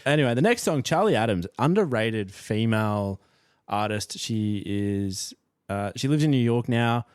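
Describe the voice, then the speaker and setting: A man's voice: on the low side, lively intonation, normal speed, clear, resonant tone, no echo, clean studio sound. A young man co-hosting a music podcast in casual, playful chat that often trails off. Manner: laid-back, playful, trails off. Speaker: podcast co-host.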